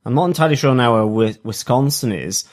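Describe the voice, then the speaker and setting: A man's voice: medium pitch, lively intonation, quick pace, darkish tone. A man co-hosting a casual podcast review, talking enthusiastically with frequent restarts. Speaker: podcast co-host.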